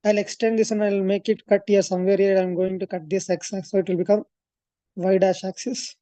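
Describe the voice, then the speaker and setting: A woman's voice: medium pitch, little pitch movement, a little fast, warm tone, no room sound. A woman, teaching a maths coaching class and working through a proof step by step, thinking aloud with fillers and corrections. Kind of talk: classroom lecture at a board.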